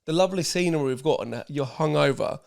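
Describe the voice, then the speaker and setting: A man hosting a podcast, in relaxed, sweary chat with laughter. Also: on the high side, fast, vocal fry. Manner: laid-back, laughing, swearing banter. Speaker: podcast host. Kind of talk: casual chat.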